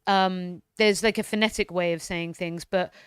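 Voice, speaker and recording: Here the same kind of casual streaming chat comes in a lowish, fairly even voice at normal speed, clean-toned and studio quality without echo. She curses without restraint and keeps repeating phrases while she learns how to say words.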